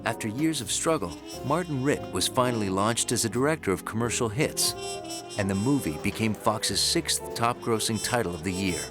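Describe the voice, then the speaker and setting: A man narrating a film history documentary in a measured, scripted storytelling style. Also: lowish voice, lively intonation, music in the background.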